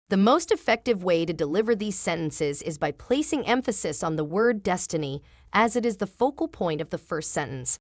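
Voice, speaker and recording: A woman's voice: fairly low pitch, sing-song, moderate pace, dry recording, studio quality. A woman narrating a book summary in a polished, scripted reading without fillers.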